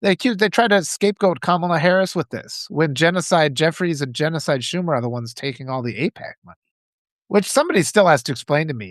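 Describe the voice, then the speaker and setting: A man's voice: a little high, fairly bright tone, no echo, clean studio sound. A man hosting a livestream, giving impassioned political commentary and reading out viewers' chat, often repeating phrases for emphasis. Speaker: livestream host.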